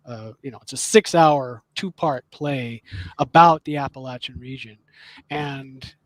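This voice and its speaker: A man on a livestream panel, explaining his ideas earnestly with pauses and restarts. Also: mid-range voice, no echo, poor audio. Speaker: game designer on a livestream panel. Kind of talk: casual livestream chat.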